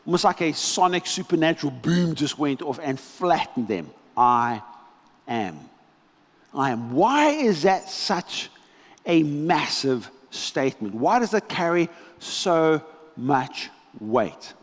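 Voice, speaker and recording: A male pastor delivers a sermon with lively, dramatic storytelling, pausing for weight on key lines. His voice sits somewhat high for a man. The sound carries a long reverb tail from a church hall. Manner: animated storytelling, dramatic pauses.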